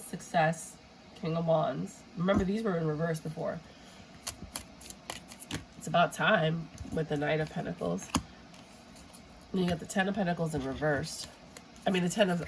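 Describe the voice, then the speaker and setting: A woman's voice: sits low, gravelly, background noise. A woman giving a casual, rambling tarot reading with a stuffy, runny nose, sometimes throwing in Spanish exclamations. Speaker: tarot reader.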